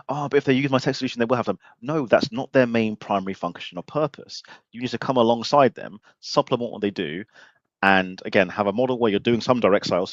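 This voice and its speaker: A man's voice: fairly low pitch, no echo, lo-fi sound. A man hosting a casual live show, talking bluntly and animatedly and swearing freely. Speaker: podcast host. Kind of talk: casual livestream chat.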